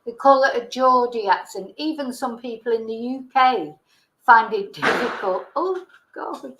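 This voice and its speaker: Female livestream host, casual true-crime narration, hesitant and chatty; slightly high pitch, roomy echo. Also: animated, measured pace, background noise. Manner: chatty, hesitant, with ums and restarts.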